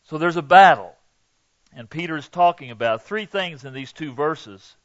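Guy preaching a sermon, high voice, slow and earnest, kinda muffled dry recording. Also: lively intonation, dry recording. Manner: earnest, emphatic, acts out quoted lines. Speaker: pastor.

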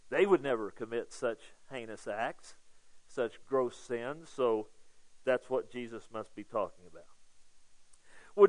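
A man preaching a sermon to his congregation, talking it through like a conversation, checking in with "okay?" and swelling louder on key points. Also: medium pitch, poor audio. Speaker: pastor.

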